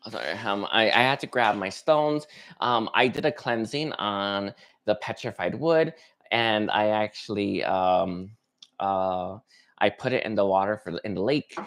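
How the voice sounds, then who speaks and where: A man hosting a spiritual livestream, talking casually and hesitantly with many pauses and restarts. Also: on the low side, a bit bright. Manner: hesitant, lots of ums and restarts. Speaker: psychic reader hosting a livestream.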